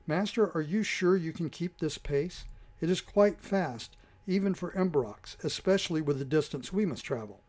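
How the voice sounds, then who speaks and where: A careful, fretful creature from a storybook checks on his master in a lifted, concerned voice, as a man reading the story puts him on. The tone is higher than the narrator's own and gently questioning. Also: animated, normal speed.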